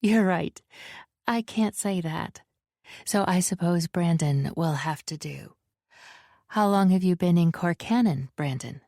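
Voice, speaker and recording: A woman voicing a perceptive young woman held captive, who asks probing, gently teasing questions in a dry, close recording. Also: lowish voice, unhurried, no echo. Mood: curious, teasing.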